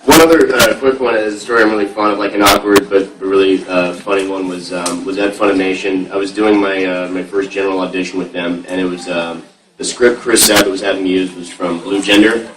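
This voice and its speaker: A man on a convention panel, a voice actor, telling anecdotes with lively energy, laughing often and stumbling over his words. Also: low-pitched, fairly quick. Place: large convention hall. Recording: echoey hall, far off, loud hiss.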